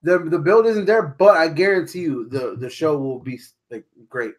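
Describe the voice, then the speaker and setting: A man's voice: fairly high pitch, normal speed. A man co-hosting a wrestling podcast in casual chat, rambling and swearing freely with lots of "you know what I mean". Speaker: podcast co-host.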